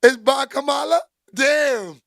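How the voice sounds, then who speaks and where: A man hosting a casual livestream, loud and joking as he greets viewers by name and reads their comments. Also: very high voice, slow, gravelly, dry recording, clean studio sound. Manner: loud, joking, shouts out chat names. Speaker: livestream host reading chat. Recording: music playing behind.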